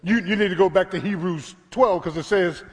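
Middle-aged male pastor from Philadelphia, high lively voice, shouting sermon in a reverberant church. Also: brisk. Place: church sanctuary.

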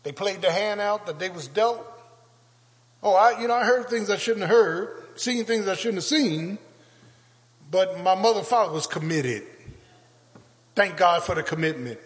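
An older male pastor preaching a sermon with call-and-response, building to shouts. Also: high voice, moderate pace, pauses often. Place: church sanctuary. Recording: long church reverb.

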